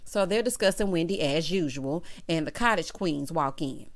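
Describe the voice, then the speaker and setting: A woman's voice: low voice, animated, moderate pace. A woman vlogger giving a sassy, opinionated recap of a reality show, sprinkling in "child" and "honey" and laughing at her own jokes. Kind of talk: casual opinionated commentary.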